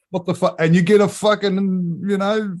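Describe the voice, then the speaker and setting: A man's voice: high-pitched, a little mellow. A man in casual, profane livestream chat, laughing often and calling people mate. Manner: swears constantly, laughs often, says mate. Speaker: livestream co-host.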